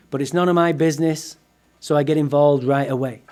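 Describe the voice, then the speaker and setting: Male speaker, fairly high voice, lively comic storyteller, swears freely, talking to a room. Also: fairly quick. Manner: animated, profane, comic storyteller. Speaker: speaker at a recovery meeting. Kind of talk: humorous personal storytelling talk. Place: meeting room before a live audience.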